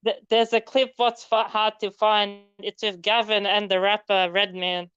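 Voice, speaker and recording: A woman's voice: mid-range voice, flat delivery, fairly bright tone, clean tone, dry recording, muffled recording. A woman in casual podcast chat who stumbles and restarts her sentences as she brings up topics. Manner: halting, stammers and restarts.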